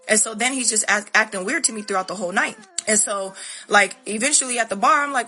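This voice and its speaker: Bright, blunt woman telling a story. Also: mid-range voice, fast. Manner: candid, blunt and profane. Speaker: vlogger. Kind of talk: storytime monologue.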